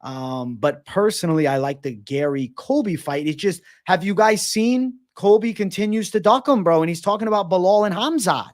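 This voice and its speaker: A man's voice: high-pitched, expressive, normal speed, few pauses. A man hosting a casual fight-sports livestream, reading out chat questions and answering with frequent swearing. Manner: profane, casual, reads chat questions aloud. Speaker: MMA livestream host.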